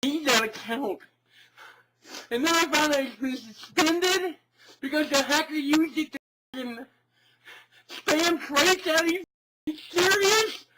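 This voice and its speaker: A man's voice: fairly high pitch, unhurried, long pauses, lightly acted, rough recording. A man playing an enraged young gamer who rants at his camera, shrieking, swearing and sobbing. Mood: screaming rage. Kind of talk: comedic rant video.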